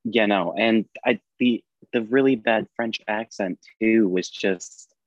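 A man from the United States co-hosts a casual chat, agreeable and quick to laugh. His voice sits fairly low. The recording is dry and a little dull, with a muffled, lo-fi quality. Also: no room sound. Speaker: podcast co-host.

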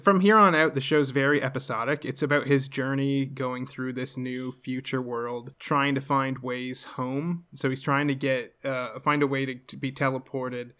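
A man's voice: mid-range voice, steady tone, normal speed, few pauses, bright, forceful tone, smooth. A man recapping a cartoon episode in casual podcast chat, rambling with many fillers and laughing often. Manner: rambling, laughs often, puts on silly voices.

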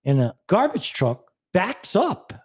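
A man's voice: high voice, takes it slowly, slightly rough. An older man telling a story in casual chat, acting out the people in it. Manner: animated storyteller, mimics an old Italian man.

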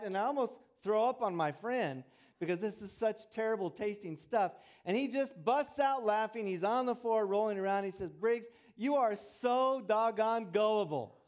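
High-voiced man telling a sermon story. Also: darkish tone. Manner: folksy, conversational storytelling. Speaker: pastor.

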